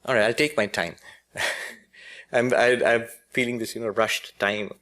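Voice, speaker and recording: A man's voice: medium pitch, steady tone, unhurried, pushed and bright. A man, a spiritual teacher, giving a philosophy lecture with humorous storytelling and frequent self-corrections.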